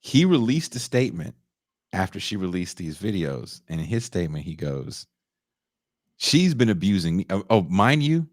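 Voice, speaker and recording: This man co-hosts a podcast, and his deep voice moves at a moderate pace as he animatedly tells a story in casual conversation. He swears freely and performs the quotes of the people involved. There's no echo, just clean studio audio.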